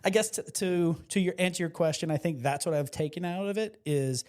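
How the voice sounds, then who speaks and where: A South Louisiana podcast guest with a slightly high voice talks briskly, telling stories in a casual chat. He's animated, passionate, and excitable, performing the voices of people he quotes.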